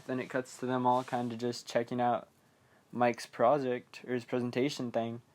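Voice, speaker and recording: A man's voice: mid-range voice, darkish tone. A man hosting a podcast, recapping a horror movie in a casual, rambling way, full of fillers and chuckles at his own remarks. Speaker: podcast host.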